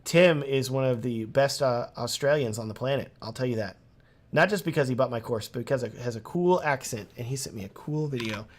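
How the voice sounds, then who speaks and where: Young male host, casual live Q&A, lively and talkative, reads comments aloud. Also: medium pitch, a little fast.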